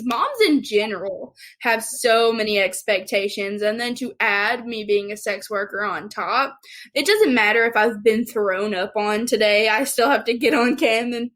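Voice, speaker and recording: Woman, Southern accent, young adult, giggly, candid, bright tone. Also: mid-range voice, moderate pace, poor audio. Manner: giggly, candid, laughs often. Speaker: podcast guest. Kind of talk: casual chat.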